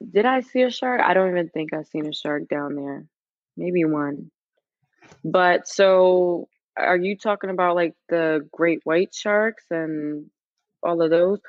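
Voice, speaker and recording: A woman from New York with a New York accent, a podcast guest chatting casually and relaxed, filling her speech with "like". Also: on the low side, dry recording. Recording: dull, dry, muffled sound.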